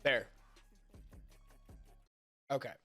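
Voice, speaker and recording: This young man speaks very slowly in a bright, forceful voice, with soft music in the background. Hosting a podcast stream, he chats casually and crudely with viewers, swearing often and joking at his own expense, his nose stuffed up from allergies.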